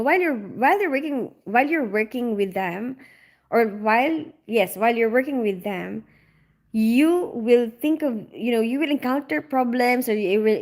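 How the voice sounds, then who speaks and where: Chatty giggling woman livestreamer. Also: fairly high pitch. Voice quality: loud on calls. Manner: chatty, giggly, reads comments aloud. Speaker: livestream host reading viewer comments. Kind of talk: casual livestream chat.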